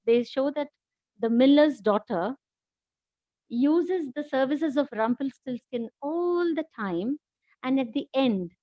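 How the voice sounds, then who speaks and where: A middle-aged woman with an Indian English accent, a former teacher reading a children's story aloud in an expressive, animated way over a video call. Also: high-pitched, dry recording. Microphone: laptop mic on video call. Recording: dull, dry video call audio.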